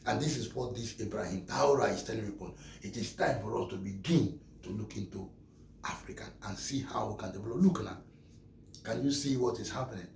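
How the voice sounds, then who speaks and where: A Nigerian man delivers impassioned commentary, hammering points home through repetition. His voice has a gravelly rasp. The room is echoey, with faint ambient noise behind him. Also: lowish voice, a little fast, a little mellow. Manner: emphatic, repeats phrases, acts out dialogues.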